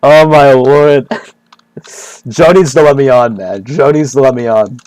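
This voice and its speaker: A man's voice: medium pitch, measured pace, a little mellow, no echo. A man streaming and chatting casually, rambling and joking, repeating himself, swearing and breaking into laughs. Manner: profane.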